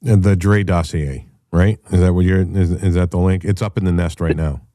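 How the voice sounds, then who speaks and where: A man's voice: low voice, steady tone, moderate pace, warm tone, no echo, clean studio sound. A man hosting a casual call-in chat, telling stories in a blunt, profane way. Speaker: show host.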